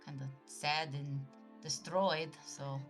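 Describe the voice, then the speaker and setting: A woman playing a tabletop game, talking in a giggly, hesitant, soft-spoken way. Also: deep voice, steady tone, takes it slowly, soft background music. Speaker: player. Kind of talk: casual tabletop play.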